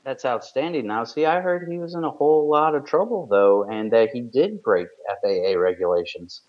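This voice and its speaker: A man's voice: mid-range voice, animated, moderate pace, highs cut off. Wry storytelling man, podcast co-host. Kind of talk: casual chat.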